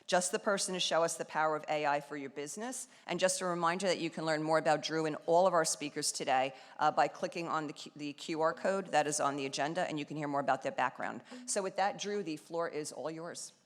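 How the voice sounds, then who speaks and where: A woman's voice: sits low, fast talker, hardly any pauses, big-room sound. A woman moderating an event, introducing the keynote speaker from a script with some fillers.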